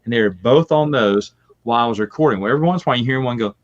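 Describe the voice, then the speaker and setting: A man of middle pitch chats casually as a guest, telling lively stories and breaking into laughter. The audio is muffled and a little lo-fi. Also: racing. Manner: lively storytelling with frequent laughs. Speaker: podcast guest. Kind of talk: casual chat.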